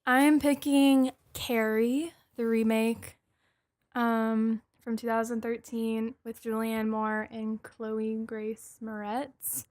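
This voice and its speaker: Slow, flat-voiced young woman. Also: a little high, no room sound. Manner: hesitant, many fillers. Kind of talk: casual movie chat.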